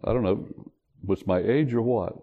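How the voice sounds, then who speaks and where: An older man preaching a sermon, telling the story in an animated way and joking with the congregation. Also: on the low side, moderate pace, phone-quality sound. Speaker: pastor. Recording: long hall reverb.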